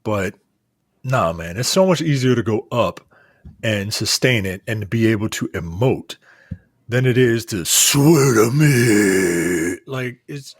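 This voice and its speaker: Male co-host, husky, dry close sound, emphatic and repetitive in casual banter. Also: on the low side, normal speed, dry recording. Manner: animated, repeats points for emphasis. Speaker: podcast co-host. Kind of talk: casual chat.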